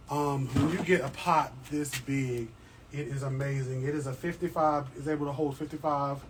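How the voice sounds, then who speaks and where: Speaking at normal speed with a medium pitch and fairly even intonation, a man chats casually on his plant channel's livestream amid background noise. He jokes around, responds to viewer questions, and keeps checking in with his viewers from his home among the plants.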